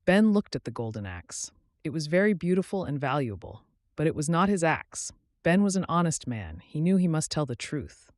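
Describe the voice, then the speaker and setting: A man hosting his channel, narrating a children's story clearly and expressively for English learners. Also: fairly high pitch, sing-song, moderate pace, no echo, studio quality.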